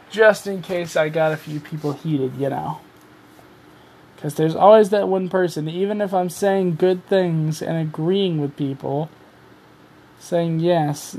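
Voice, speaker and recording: A man with a voice pitched a little above the usual, talking alone on his podcast. He sounds tired and rambles loosely, dropping casual swears and running himself down as he goes. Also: darkish tone, slight background noise. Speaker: podcast host. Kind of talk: casual solo podcast rant.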